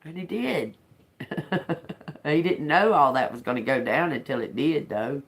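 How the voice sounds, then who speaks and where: A woman's voice: low voice, a little slow. A woman doing a casual tarot reading, telling stories animatedly and swearing freely. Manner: animated storytelling, frequent laughter, profane. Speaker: tarot reader.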